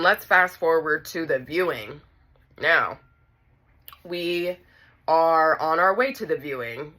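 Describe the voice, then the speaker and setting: A woman telling a personal story in a casual, animated way, talking straight to her viewers. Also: deep voice.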